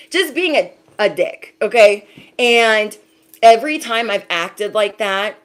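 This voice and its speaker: Woman, intuitive reader, casual spiritual reading, emphatic, repeats herself, swears casually, middle pitch. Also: animated, takes it slowly.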